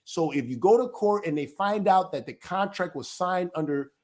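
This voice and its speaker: A man's voice: sits high, lively intonation, moderate pace, a little mellow. A man, an elder of a small ministry, teaching his viewers informally and emphatically, often asking a rhetorical question and then answering it himself.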